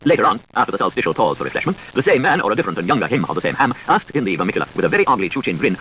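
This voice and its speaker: A man reading dense literary prose aloud at a breakneck clip, his voice rising and falling in a lively, sing-song way. His pitch sits in an ordinary middle register for a man. A faint hiss sits under the voice. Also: rapid-fire, hardly any pauses, poor audio. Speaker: reader.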